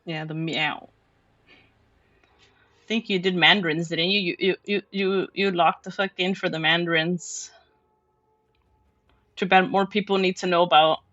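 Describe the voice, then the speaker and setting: A man's voice: high voice, fairly even intonation, unhurried, long pauses, sharp tone, dry recording, dull audio. A male streamer chatting casually and playfully with viewers on a close microphone. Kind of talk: casual live-stream chat.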